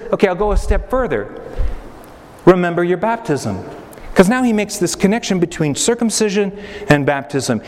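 A man pastor preaching a sermon, pausing for effect and briefly acting out the people he quotes. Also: high voice, darkish tone. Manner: preaching with acted-out quotes and dramatic pauses. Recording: reverberant hall, faint noise.

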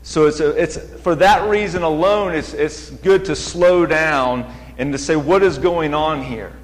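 A man preaching in a church sanctuary, speaking slowly and deliberately with a slightly raised voice. He lingers over scripture quotes and climbs higher as he presses a point. The sound carries a long hall reverb. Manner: measured, slows down for scripture quotes, builds in pitch when emphatic. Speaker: guest preacher. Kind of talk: sermon.

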